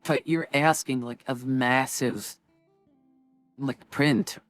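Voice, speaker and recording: Slow, chatty woman streamer. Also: rumbling low, steady tone, dry recording, faint music behind. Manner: rambling, chatty, full of "like" and "um". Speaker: streamer and game host. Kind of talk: casual chat before a tabletop game.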